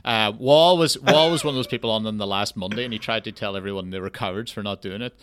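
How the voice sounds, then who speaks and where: A man's voice: fairly low pitch, fast, a bit bright, clear, resonant tone. A young man with an Irish accent, hosting a podcast in casual, sweary, rambling chat and laughing often. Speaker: podcast host.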